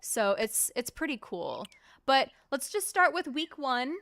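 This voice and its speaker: A woman's voice: high voice, big pitch swings, unhurried, a bit bright. Chatty upbeat woman streaming a game. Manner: chatty and upbeat, addressing the chat. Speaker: streamer playing a farming game. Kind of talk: casual live gameplay commentary.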